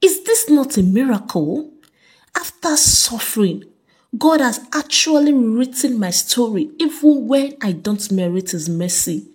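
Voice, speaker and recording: A woman's voice: fairly high pitch, animated, a little slow, darkish tone, slightly rough. A woman voicing an emotional, grateful young woman.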